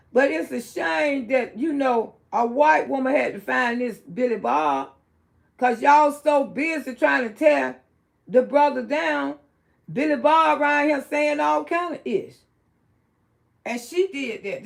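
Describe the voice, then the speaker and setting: Gravelly blunt Southern woman on a livestream. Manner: outspoken, blunt, swings from low murmur to loud exclaiming. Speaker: livestream host. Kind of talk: casual livestream commentary.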